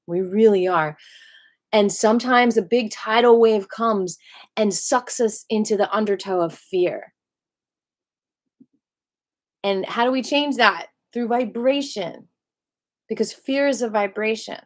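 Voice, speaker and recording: A woman's voice: medium pitch, unhurried, darkish tone. A woman teaching qigong in a casual spoken lesson, asking many rhetorical questions and acting out other people's voices with animation.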